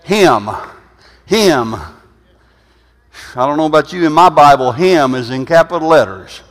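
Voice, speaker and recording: A man in his sixties preaching an informal sermon, rambling and conversational with frequent "huh?" asides, swinging from quiet, low musing to loud, emphatic bursts. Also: lively intonation, slow. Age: 60s. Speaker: pastor. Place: church sanctuary. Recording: reverberant church hall.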